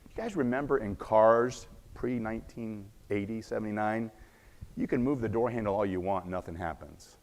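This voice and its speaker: A man giving a conference talk, telling a dramatic story and shifting between loud bursts and hushed asides. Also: lowish voice, normal speed. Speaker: conference speaker. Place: conference stage. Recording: echoey conference hall.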